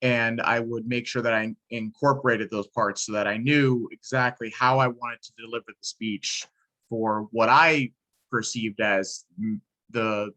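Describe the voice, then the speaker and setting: A man's voice: mid-range voice, sharp tone, low-quality recording. A male student sharing his experience in class, hesitant and restarting often. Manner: hesitant, many restarts and fillers. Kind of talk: class discussion.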